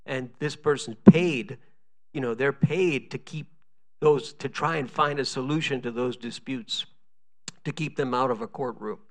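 A man's voice: medium pitch, unhurried, gravelly, fairly bright tone. A middle-aged male pastor preaching a sermon, telling stories and acting out the voices of the people in them. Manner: storytelling preacher, acts out quoted voices.

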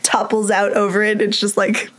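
A woman's voice: mid-range voice, monotone, moderate pace, fairly bright tone. A woman playing a tabletop role-playing game, bubbly, eager and chatty as she talks through her choices. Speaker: player. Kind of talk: casual game play chat.

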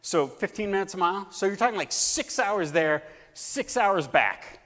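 A man preacher telling a story in a sermon, animated and acting out scenes, swinging between loud and hushed delivery. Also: high voice, moderate pace. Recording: long hall reverb.

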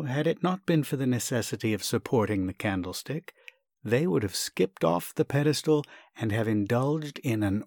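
A man narrating a classic short story in a measured, expressive reading. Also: medium pitch, vocal fry, dry recording, clean studio sound. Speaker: story reader. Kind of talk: scripted narration.

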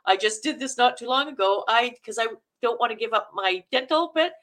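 Chatty Canadian woman, bright voice. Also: a little high, animated, fairly quick. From Manitoba, Canada. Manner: chatty, rambling, laughs often. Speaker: guest, actor and acting coach. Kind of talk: casual interview chat.

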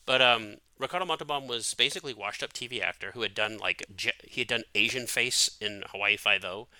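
A man's voice: lowish voice, fast talker, pushed and bright, no room sound. A man hosting a podcast, chatting animatedly about an old film with lots of fillers. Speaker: podcast host. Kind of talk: casual film chat.

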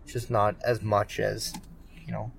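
A man's voice: fairly low pitch, level tone, unhurried, gravelly, breathy edge. Rambling man co-hosting a podcast. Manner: rambling, lots of fillers and restarts. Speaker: podcast co-host. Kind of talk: casual wrestling podcast chat.

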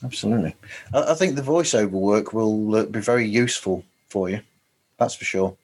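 A man's voice: fairly low pitch, fairly quick, darkish tone, breathy edge. A man co-hosting a podcast, chatting casually and teasing his partner. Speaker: podcast co-host.

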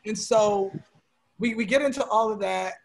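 A man's voice: high-pitched, normal speed. A man from Baltimore telling a story in a casual conversation and acting out the people he quotes. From Baltimore, USA. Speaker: guest, community organizer.

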